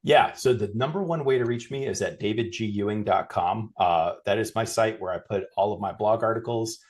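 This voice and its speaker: Low-voiced man telling a work story. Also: a little fast. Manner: animated anecdote, acts out quoted dialogue. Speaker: guest, customer experience consultant. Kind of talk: storytelling in a podcast interview.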